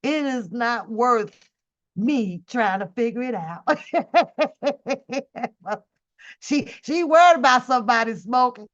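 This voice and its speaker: A woman's voice: on the high side, animated, normal speed, a bit bright. A woman hosting a reaction livestream, talking in a drawling, profane, mocking way. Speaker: reaction channel host. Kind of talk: casual livestream commentary. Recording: dull lo-fi home stream audio.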